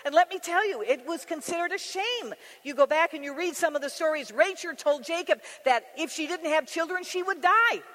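A woman teaching a women's Bible study, speaking in a conversational, animated way and acting out scripture scenes. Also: very high-pitched, moderate pace, few pauses. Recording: long reverb of a large hall.

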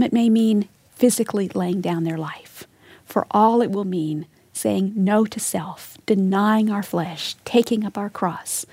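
A woman's voice: mid-range voice, darkish tone, slightly rough, no room sound. Earnest woman teaching, dry close sound. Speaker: Bible teacher. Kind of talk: recorded Bible teaching.

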